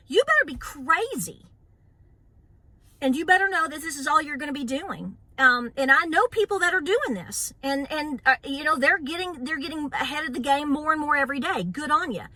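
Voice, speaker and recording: A woman's voice: high voice, pushed and bright, no echo. A middle-aged woman, hosting a homestead vlog and ranting bluntly with a sassy edge, laughing often. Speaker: homestead channel host. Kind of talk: opinionated casual vlog rant.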